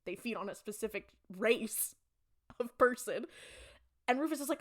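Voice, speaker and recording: A young adult woman co-hosting a podcast recaps a TV episode in casual chat, her voice fairly high and animated at a moderate pace. She retells the episode with energy, acting out the characters' lines.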